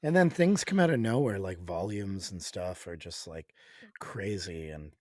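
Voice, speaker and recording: A man from Canada telling rambling, animated stories as a musician guest on a casual podcast. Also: low-pitched, a little slow, no echo, studio quality.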